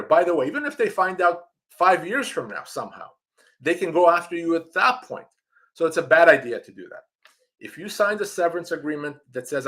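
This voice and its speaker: A man's voice: a little high, fairly bright tone. Emphatic man giving live legal advice. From Canada. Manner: emphatic, direct, repeats key points. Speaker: employment lawyer hosting a live Q&A.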